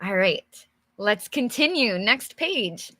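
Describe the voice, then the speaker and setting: A woman's voice: mid-range voice, animated, takes it slowly, pushed and bright, dry recording. A young woman teaching English, reading a storybook aloud and chatting with viewers, laughing often. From English-speaking country. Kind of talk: live English reading lesson with chat.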